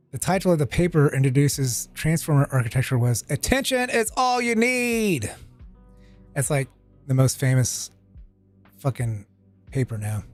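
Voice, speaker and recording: A man's voice: a little high, darkish tone. Man reading a tutorial on stream. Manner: reads text aloud with casual asides and swearing.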